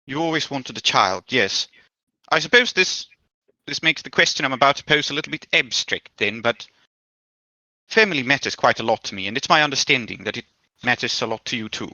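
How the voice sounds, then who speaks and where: Guy doing a smooth scheming gent in a tabletop rp, super polite and formal, bright edgy voice. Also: medium pitch, animated, a little fast, no room sound, highs cut off. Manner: courteous, formal, hesitant restarts. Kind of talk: tabletop role-play.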